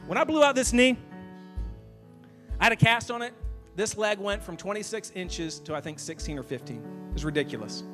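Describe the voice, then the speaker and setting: A male pastor in his thirties preaching from a church stage, his voice sitting high for a man. He talks in an animated, self-mocking way and acts out little exchanges, while soft guitar music plays faintly behind him. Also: brisk, long pauses. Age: 30s. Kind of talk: sermon.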